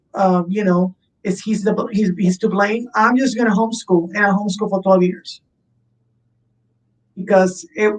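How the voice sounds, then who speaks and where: A woman's voice: medium pitch, recorded from a distance, poor audio. A woman hosting a casual conversation, affirming often and sharing her own story. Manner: affirming, frequent backchannel.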